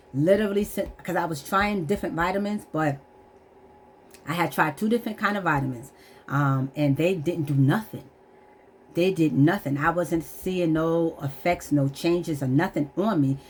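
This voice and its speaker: Low-voiced woman sharing her struggles, near tears. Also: moderate pace, slight background noise. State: holding back tears. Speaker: vlogger. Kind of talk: candid personal testimony to camera.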